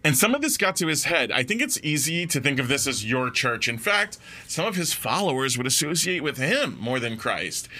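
A man's voice: medium pitch, sing-song, normal speed, few pauses, pushed and bright. A man co-hosting a casual chat, playful and full of quips and laughter. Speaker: podcast co-host.

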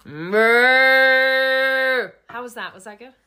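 Speaking at a medium pitch and moderate pace, a female podcast co-host tells a story in a lively, casual manner, laughing frequently.

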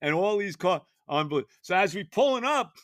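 An older man, telling a rambling, animated story on his podcast, full of fillers and restarts. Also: high voice, fast talker, no echo, clean studio sound. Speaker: podcast host. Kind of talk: casual storytelling monologue.

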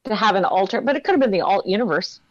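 A woman's voice: mid-range voice, expressive, very fast, darkish tone. A woman keeping score in an online trivia game over a phone on a video call, who talks affectionately and cheers the others on. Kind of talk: casual game chat. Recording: dull lo-fi call audio.

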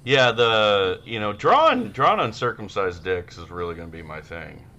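A man co-hosting a podcast in casual chat, rowdy and profane, who shouts when acting out his stories. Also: on the low side, big pitch swings, normal speed, highs cut off. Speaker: podcast co-host.

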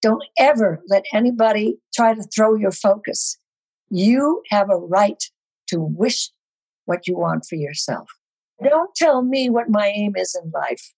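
An older woman, a guest actress, telling animated stories on a podcast with a husky voice. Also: mid-range voice, measured pace, rough recording. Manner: animated storyteller. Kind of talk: podcast storytelling.

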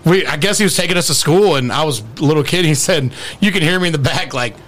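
A man co-hosting a podcast, telling childhood stories in a quick, joking way and acting out voices. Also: on the high side, animated, a bit bright. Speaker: podcast co-host. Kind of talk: casual chat, storytelling.

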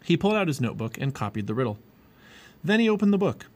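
A man reading a children's storybook aloud in an expressive, lively way. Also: a little high, fast talker. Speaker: storybook reader.

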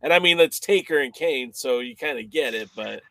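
A man's voice: medium pitch, lively intonation, fairly quick, gravelly, sharp tone. Laid-back man hosting a podcast. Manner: laid-back, laughs along, reads viewer comments. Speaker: podcast host. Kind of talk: casual podcast chat.

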